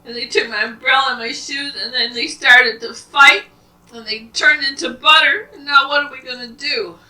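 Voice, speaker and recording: A woman's voice: big pitch swings, moderate pace, bright, forceful tone. Scared little boy, pleading and whiny, storybook put on by a woman, roomy and distant. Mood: upset. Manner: high, pleading.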